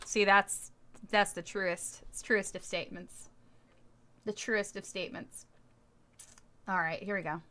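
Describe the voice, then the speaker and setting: A woman's voice: medium pitch, fairly even intonation, unhurried, pauses often, a bit bright. A woman livestreamer in casual chat who giggles often and answers her viewers' comments as she goes.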